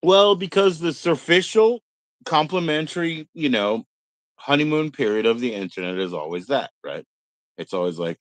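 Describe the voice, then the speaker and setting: A middle-aged livestream host rambles and swears through a casual stream, mocking other people in put-on voices. His medium-pitched voice has lively intonation at a moderate pace. The audio is poor but has no echo.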